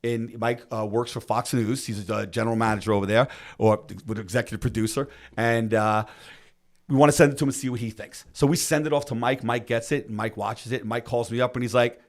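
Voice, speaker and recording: A man telling a story on a podcast, acting out what other people said in a lively way. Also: medium pitch. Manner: acts out quotes of others, fast and lively. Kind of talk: animated storytelling.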